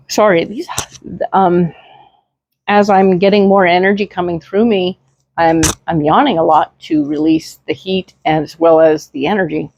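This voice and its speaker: A woman's voice: fairly low pitch, fairly even intonation, moderate pace, vocal fry, darkish tone, dull audio. A woman giving a casual tarot reading in a chatty, reassuring way, with many fillers and tag questions, speaking into a desk microphone. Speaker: tarot reader.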